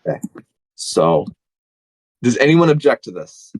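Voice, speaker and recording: A man's voice: medium pitch, very animated, unhurried, no room sound, low-quality recording. A man running a tabletop game as game master, describing scenes casually with many fillers and restarts.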